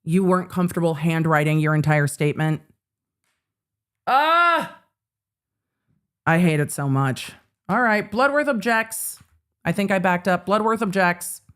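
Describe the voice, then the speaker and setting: A woman's voice: on the low side, normal speed. Blunt sarcastic woman streaming trial commentary. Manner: blunt, sarcastic, swears freely. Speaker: legal commentator host.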